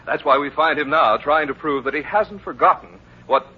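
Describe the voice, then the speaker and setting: A man's voice: a little high, normal speed, husky. A man announcing and narrating a vintage radio show in a wry, theatrical way. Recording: dull old radio recording with faint music.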